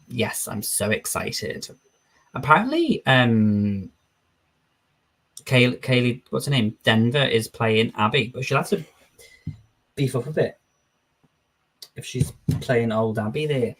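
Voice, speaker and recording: A male streamer with a slightly husky, breathy voice at a middle pitch. He talks in a loose, chatty way, reading out viewer comments and replying to them on the fly. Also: lively intonation, a little slow, long pauses, a bit bright. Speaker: streamer host. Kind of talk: casual live-stream chat.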